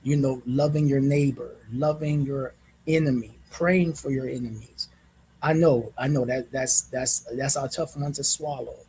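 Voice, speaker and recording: A man hosting a reflective monologue, speaking in a measured way, repeating phrases and often checking in with "right?". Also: mid-range voice, fairly even intonation, darkish tone, slight background noise, low-quality recording. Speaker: host.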